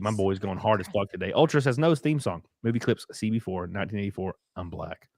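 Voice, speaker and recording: A man's voice: fairly low pitch, a little fast, hardly any pauses, darkish tone, no echo. Crude joking man on a dry mic. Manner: crude, joking, reads chat comments aloud. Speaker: stream host. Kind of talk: casual livestream chat.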